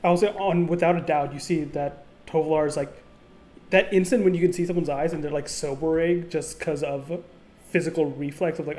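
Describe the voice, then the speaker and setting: A man's voice: on the high side, steady tone, moderate pace, a little mellow. A man narrating a tabletop role-playing game as game master, casual and rambling, with lots of fillers.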